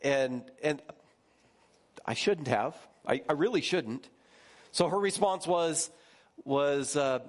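A man who is a pastor, giving a conversational sermon in a lively, chatty way and often checking in with his listeners. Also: unhurried. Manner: lively, jumps higher when recounting stories.

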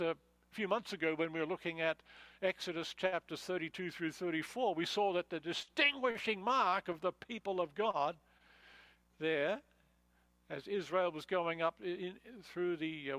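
A man's voice: sits high, a bit bright, no echo, poor audio. A man preaching a conversational expository sermon, with many fillers and restarts as he explains a passage verse by verse. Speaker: pastor.

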